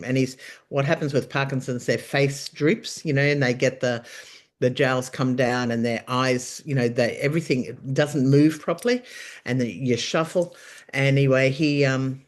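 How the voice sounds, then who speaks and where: A middle-aged Australian woman and nurse telling her story in a casual chat, animated and emphatic, rambling with frequent restarts. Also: rumbling low. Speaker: guest, nurse.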